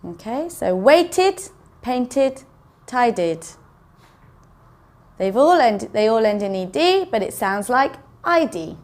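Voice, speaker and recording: A woman teaching English pronunciation in a slow, careful way, saying each word twice for learners. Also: on the high side, big pitch swings. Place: classroom with a board.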